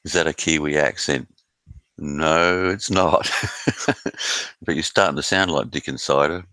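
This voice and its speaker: Very deep-voiced Australian bloke streaming. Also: male voice, steady tone, a little slow, bright, forceful tone, smooth, dry recording. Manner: laid-back, swears freely, chats with viewers. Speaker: live stream host reading chat. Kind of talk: casual live-stream chat. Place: at home in South Australia.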